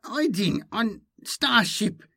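A man's voice: sits high, sing-song, slow, creaky, bright, forceful tone, husky, voice pushed up, exaggerated voice. A man voicing a female alien hybrid with an inhuman, hissing voice and broken, clipped grammar, read as an audiobook character. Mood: pleading.

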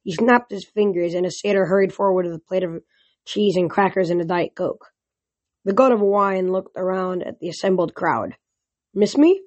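An audiobook reader narrating a first-person fantasy novel in a steady, even voice. The recording is close and dry, with no room sound. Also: mid-range voice, normal speed, no echo, highs cut off. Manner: steady reading with occasional restarts.

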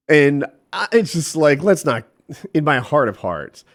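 A man's voice: on the high side, measured pace. A middle-aged man telling a story in casual chat, quoting the people in it and swearing freely. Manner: animated, profane, quotes people in voices.

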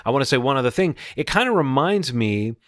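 A man's voice: medium pitch, sing-song, quick pace, no echo. Chatty man on a dry, close mic. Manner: enthusiastic, thinks aloud with restarts. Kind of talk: casual chat.

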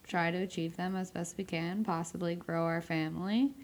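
A woman who is a guest on her husband's podcast, chatting casually in short, soft-spoken replies. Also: fairly low pitch, fairly even intonation, normal speed. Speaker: podcast guest, host's wife. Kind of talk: casual personal conversation.

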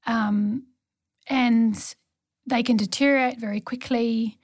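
A woman's voice: a little high, fairly even intonation, slow, no room sound, clean studio sound. A woman who works as a neonatal nurse practitioner, a guest on an interview podcast, telling her stories in an earnest way. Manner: warm storytelling, earnest. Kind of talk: conversational interview.

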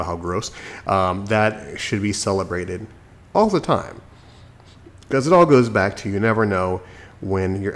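Still sick and recovering, this podcast host delivers a solo monologue into his desk microphone. His voice is low-pitched with vocal fry, and he talks in a chatty, preachy, self-mocking manner.

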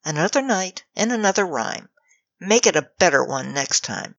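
A woman's voice: lowish voice, sing-song, normal speed, vocal fry, a bit bright, no echo, heavily acted. A woman voicing a sarcastic magic mirror spirit that mocks and teases in a dry, theatrical way, in a slightly dull audiobook recording.

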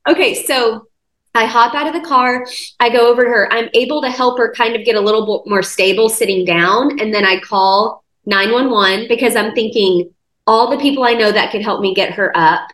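A woman's voice: fairly high pitch, normal speed. Chatty woman telling a story in an echoey room. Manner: lively retelling with many "like" fillers. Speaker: guest sharing a testimony. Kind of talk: conversational storytelling. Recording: roomy echo.

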